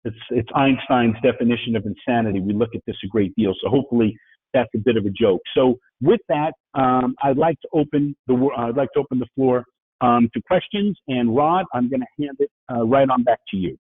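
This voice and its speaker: A man from New York with a New York accent, giving a fast-paced webinar presentation and checking in with "right?" and "okay?" as he goes. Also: medium pitch. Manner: fast-talking, frequent "right?" and "okay?" asides. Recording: phone-like, dry, husky sound.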